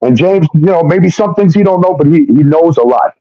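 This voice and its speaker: Man, casual storytelling, profane, animated quoted dialogue, dry lo-fi audio. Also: fairly high pitch, a little fast, no echo. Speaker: guest telling his story.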